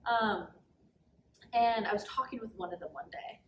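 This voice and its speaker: With a slight hiss or hum and a roomy, distant-mic sound, the recording captures a young podcast guest speaking openly about her life. Her voice is fairly high and at normal speed, and her chatty storytelling is packed with "like."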